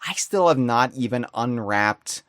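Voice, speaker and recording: A man hosting a podcast, chatting casually and telling stories with excitable energy. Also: medium pitch, a little slow, no echo, clean studio sound. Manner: animated, excitable storytelling. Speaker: podcast host. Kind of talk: casual chat.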